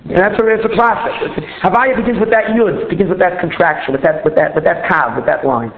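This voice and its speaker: Guy giving a text class, kinda high voice, stops and repeats himself a lot, sounds like a phone line in an echoey room. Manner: explains step by step, asks himself rhetorical questions; halting, repeats words while searching. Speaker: Torah teacher. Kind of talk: text study lecture. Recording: tinny phone-line sound in a roomy space.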